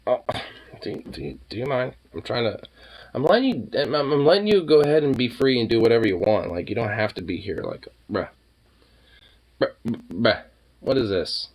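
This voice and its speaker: Lively laid-back young man chatting. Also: moderate pace. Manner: rambling and laid-back, coos at his dog in high baby talk. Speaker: vlogger. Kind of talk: casual chat.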